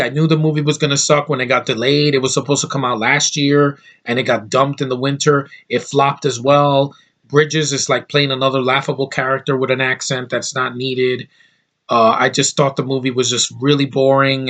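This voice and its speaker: A man's voice: medium pitch, fairly even intonation, moderate pace, a bit bright. A young man giving a blunt, profane movie review, full of restarts and fillers. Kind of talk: casual ranting review.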